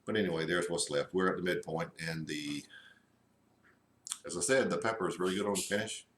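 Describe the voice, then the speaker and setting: Deep-voiced guy doing a cigar review, slow and halting, lots of ums, echoey room. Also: a bit bright, a little hiss or hum. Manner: slow, halting, with many fillers. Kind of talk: casual review.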